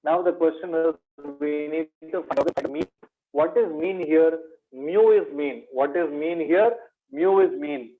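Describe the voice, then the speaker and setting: A man's voice: on the high side, a little slow, soft background music. A man with an Indian English accent teaching an exam revision lecture, asking questions and answering them himself, calling students "my dear". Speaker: maths teacher. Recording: tinny phone-like online lecture audio.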